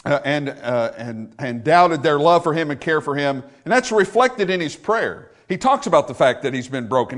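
At a moderate pace, an expressive man preaches to his congregation, calling out to them and using repetition for emphasis. His voice swells into fervor and then drops down soft and low.

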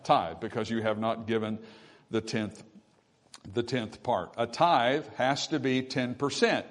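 A man's voice: medium pitch, a little slow. A man delivers a sermon in a mid-range voice. He teaches patiently, asking the congregation rhetorical questions and repeating key phrases for emphasis. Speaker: pastor.

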